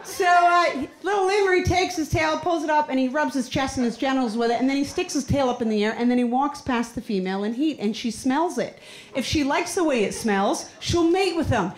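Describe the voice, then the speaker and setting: A woman's voice: high-pitched, a little fast. A Canadian woman doing a stand-up comedy set in a club, telling stories animatedly and acting out characters. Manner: animated storytelling, acts out characters. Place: comedy club stage before a laughing crowd. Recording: roomy club with crowd laughter.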